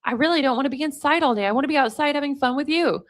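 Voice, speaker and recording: A woman's voice: high voice, very fast, lightly acted. A woman reading as a needy, pleading girlfriend. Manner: pleading, repetitive. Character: needy anxious young woman texting her boyfriend.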